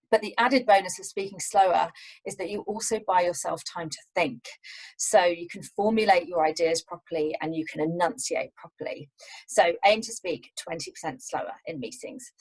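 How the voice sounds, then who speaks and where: Calm, measured woman with a low voice. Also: vocal fry, poor audio. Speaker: public speaking coach. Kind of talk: scripted tips to camera.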